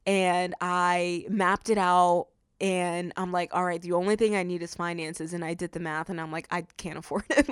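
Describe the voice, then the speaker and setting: A young adult woman hosting a faith-based podcast, telling stories and acting out what people said in an animated way. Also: fairly low pitch, smooth, no room sound, studio quality. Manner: animated storytelling, acts out quotes. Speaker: podcast host.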